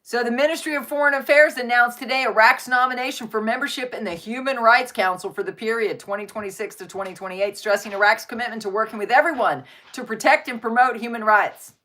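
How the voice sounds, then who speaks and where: A woman's voice: fairly high pitch, fast talker, hardly any pauses, pushed and bright. A woman hosting a casual live stream, reading news articles aloud and adding her own faith-based commentary, now and then breaking off to coo at her dogs.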